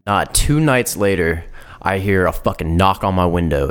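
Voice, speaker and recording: Deep-voiced man telling a casual story. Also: animated, normal speed, smooth. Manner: profane, laid-back storytelling with lots of "like". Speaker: podcast host.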